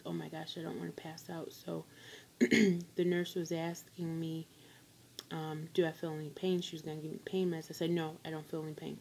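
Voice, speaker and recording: A woman's voice: low-pitched, gravelly, mellow, slight background noise, poor audio. A woman talking casually in a rambling vlog update with many fillers and restarts. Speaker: vlogger. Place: on a work break.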